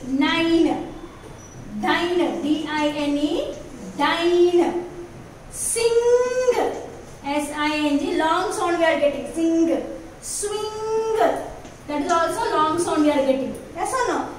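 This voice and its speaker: A woman with an Indian English accent teaching a recorded English lesson to young children, slowly and repetitively, coaxing them with "okay, na?". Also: extremely high pitch. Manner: slow, repetitive, coaxing, ends lines with a questioning "okay, na?". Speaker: play school teacher. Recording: echoey, distant, slightly noisy room.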